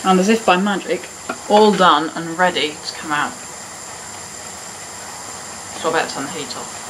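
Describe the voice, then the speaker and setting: A woman's voice: fairly low pitch, moderate pace. A woman hosting a casual cooking demonstration in a home kitchen, chatting along with joking, self-mocking asides. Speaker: cooking video host. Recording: noisy kitchen with clattering pans. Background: cutlery, pots and kitchen ambience.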